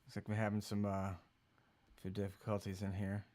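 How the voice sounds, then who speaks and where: A man's voice: fairly low pitch, monotone, fairly quick, warm tone. A man hosting a casual livestream chat, rambling and joking loosely. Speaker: host.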